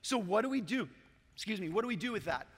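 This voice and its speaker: A man's voice: sits high, lively intonation, quick pace, slightly rough, in a large hall. A male pastor preaching a sermon, joking and calling on the congregation to join in. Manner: playful, joking, audience participation. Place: large church hall.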